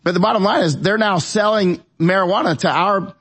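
A man's voice: high voice, fairly quick, fairly bright tone, slightly rough. A man appearing as a guest on a talk show, chatting in a rambling, digressive way with many restarts. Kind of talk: casual talk show conversation.

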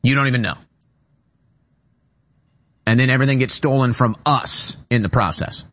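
A male talk-show host speaking from a studio at a middling pitch. He rants emphatically and keeps circling back on his points with growing urgency. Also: moderate pace, long pauses, fairly bright tone. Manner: emphatic, repetitive, urgent ranting. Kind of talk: political commentary monologue. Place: radio studio.

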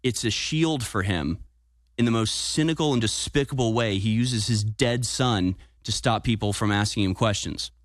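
A man's voice: lowish voice, moderate pace, no echo, clean studio sound. A man hosting political talk radio with combative, sarcastic commentary. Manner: combative, sarcastic, self-congratulating. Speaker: talk show host.

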